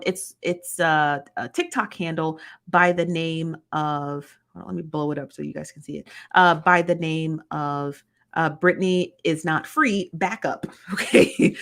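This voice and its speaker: A woman's voice: on the low side, fairly bright tone. A woman hosting a casual livestream, chatty and slangy, greeting viewers by name. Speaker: livestream host.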